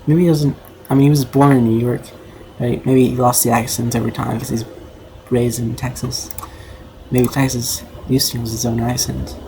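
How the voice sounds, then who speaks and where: A man's voice: mid-range voice, little pitch movement, normal speed, creaky, background noise. Rambling young male streamer. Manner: rambling and self-conscious, heavy filler words. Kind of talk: casual livestream commentary.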